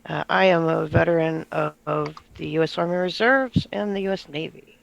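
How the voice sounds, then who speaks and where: A woman's voice: low-pitched, moderate pace, creaky. A woman introducing herself as a player in a tabletop game with a brief, friendly introduction. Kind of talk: casual chat on a live stream. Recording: muffled lo-fi mic, faint background noise.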